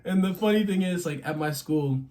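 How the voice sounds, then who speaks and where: Animated young man telling a story. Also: sits high, normal speed. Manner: animated, laughing, acts out quotes. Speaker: podcast co-host. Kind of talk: casual storytelling chat.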